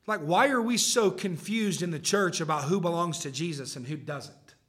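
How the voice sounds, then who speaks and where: Male pastor, slightly high and forceful voice, conversational sermon to a live church. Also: normal speed. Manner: conversational, keeps checking in with the room. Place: church service before a live congregation.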